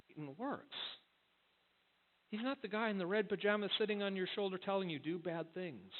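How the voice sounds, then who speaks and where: A male pastor giving a sermon in a conversational storytelling way, often restarting his words. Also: high voice. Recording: tinny phone-like sound.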